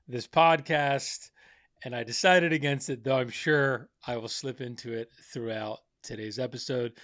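A man's voice: medium pitch, a bit bright, dry recording, clean studio sound. A man hosting a podcast in casual chat, rambling with lots of fillers and restarts. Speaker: podcast host.

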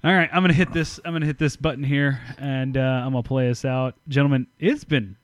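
A man's voice: medium pitch, fairly even intonation, fast, dry recording. A man hosting a casual podcast, blunt, emphatic and full of swearing. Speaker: podcast host. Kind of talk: casual profane podcast chat.

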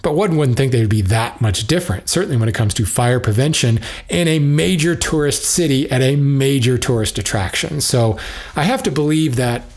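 A man's voice: mid-range voice, normal speed, darkish tone. A man in the lumber trade giving casual spoken commentary, musing and drifting between side thoughts as he thinks aloud. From United States.

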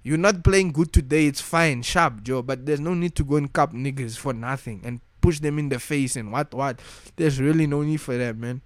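A man's voice: mid-range voice, moderate pace, hardly any pauses, dry recording. A young man giving a casual, slangy rant as a football fan vlogger, frustrated and repeating himself.

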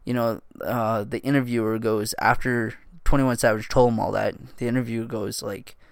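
A man's voice: mid-range voice, little pitch movement, moderate pace, creaky, clear, resonant tone, dry recording, clean studio sound. A man hosting a solo podcast in loose casual chat, swearing and laughing often as he drifts from thought to thought. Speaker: podcast host.

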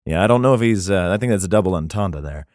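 A man's voice: low voice, animated, fast talker, a little mellow, no room sound, clean studio sound. A man reading an old text aloud and breaking off into crude, mocking asides and laughter. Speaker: reader giving comic commentary.

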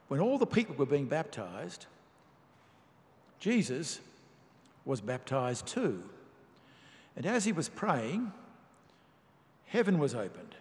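A man preaching a sermon, reading and explaining scripture in a measured, emphatic way. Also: on the high side. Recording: long reverb of a large hall.

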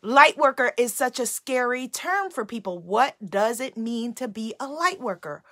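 Bright, high-voiced woman giving uplifting affirmations. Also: expressive, a little slow. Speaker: spiritual self-care coach hosting a live stream. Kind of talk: live-streamed inspirational talk. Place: at home.

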